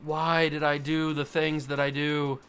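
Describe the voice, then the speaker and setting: Young male gaming host, smooth clear tone, excitable and self-deprecating running commentary. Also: fairly high pitch, unhurried. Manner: excitable, self-mocking, swings between groans and yelps. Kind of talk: casual gameplay commentary.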